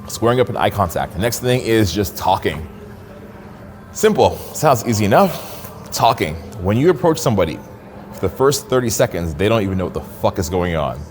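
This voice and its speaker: A man's voice: on the low side, sing-song, a little fast, a little mellow, faint music behind. A man coaching in person, talking casually and with swearing, often acting out sample lines of dialogue. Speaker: social skills coach. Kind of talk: live in-person coaching demonstration.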